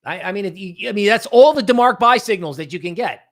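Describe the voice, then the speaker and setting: A crypto market show host analyzes the market on a livestream in a high-pitched, somewhat bright voice with lively intonation and a quick pace. His talk rambles loosely and conversationally, studded with "right?", and he mocks panicky traders with exaggerated voices.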